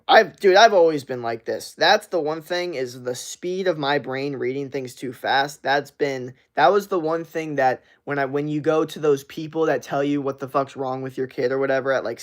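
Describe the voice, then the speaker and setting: A young male streamer with a gravelly, fry-touched voice, talking loosely and swearing as he riffs on chat messages. His pitch sits in an ordinary middle range. He keeps the tone of casual live chat throughout.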